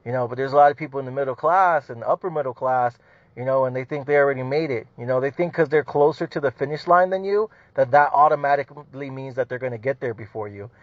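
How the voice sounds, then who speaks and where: A man's voice: mid-range voice, fast talker, no room sound. A man hosting a podcast, ranting casually with heavy swearing, repeated "you know what I mean" and frequent laughter. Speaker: podcast host. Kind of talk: casual profane rant. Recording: dull lo-fi dry sound.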